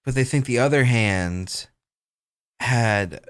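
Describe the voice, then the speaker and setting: A man's voice: mid-range voice, slow, a bit bright, smooth, no echo, studio quality. A man hosting a let's play, chatting in a playful, joking way. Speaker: host. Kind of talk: casual let's-play chat.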